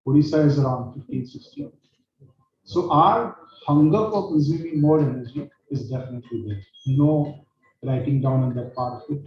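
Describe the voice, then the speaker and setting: A man giving a formal conference speech, halting with many fillers. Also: on the high side, a little mellow, slight background noise. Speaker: utility executive speaker. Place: conference hall. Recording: distant echoey dull hall mic.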